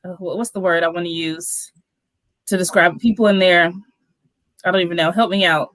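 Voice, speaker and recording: A woman's voice: lowish voice, fairly even intonation, normal speed, a bit bright, dry recording. A woman guest on a podcast in casual chat, frank and sometimes searching for words.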